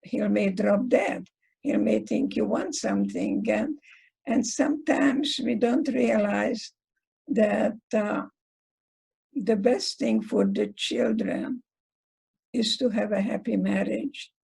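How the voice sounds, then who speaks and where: An older woman in her nineties, a psychologist and guest speaker, telling stories slowly and deliberately, with short sayings and a Hungarian mother tongue. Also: mid-range voice, darkish tone, low-quality recording. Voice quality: gravelly, husky voice. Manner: slow, deliberate storytelling with aphorisms. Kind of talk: speaker series talk.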